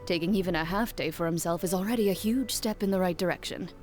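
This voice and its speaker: A woman voicing a calm, composed young huntress in a video game, speaking tersely and with dry formality. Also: lowish voice, fast talker, faint music behind, lightly acted. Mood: cool.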